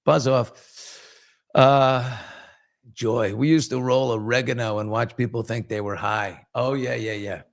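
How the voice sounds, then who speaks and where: A man's voice: medium pitch, fairly even intonation, measured pace. A man in his fifties hosting a casual live chat, reading viewer comments and telling candid, rambling stories. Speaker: host.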